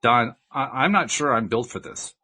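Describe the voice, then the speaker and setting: A man's voice: medium pitch, lively intonation, normal speed, pushed and bright, pitched above the performer's own voice. A man reading a book aloud and voicing a nervous, hesitant young man. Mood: rattled.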